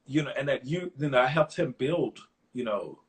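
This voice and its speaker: A middle-aged man speaks as an interview guest in an easy, conversational way, spinning anecdotes and voicing the people in them. His voice sits at an ordinary pitch for a man. When he looks back, he turns earnest and openly emotional. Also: moderate pace. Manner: lively anecdotes, acts out others' lines in quotes. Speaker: guest songwriter.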